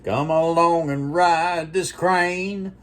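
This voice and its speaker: A man imitating an acquaintance who turns every T sound into a C, in a slow, drawn-out, mocking delivery. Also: on the high side, fairly even intonation, fairly bright tone, voice pushed up.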